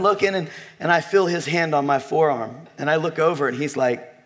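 Man preaching, lively storytelling sermon, jokes with the congregation, slightly high voice. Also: fairly quick, slight background noise. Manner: animated, joking, addresses the congregation directly. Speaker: pastor.

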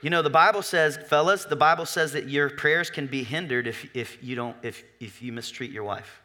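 A man preaching to his congregation with a bright, forceful voice pitched a little high. He talks loosely and jokes, checking in with the room again and again. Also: moderate pace. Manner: conversational, joking, asks the congregation questions. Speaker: pastor. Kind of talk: sermon.

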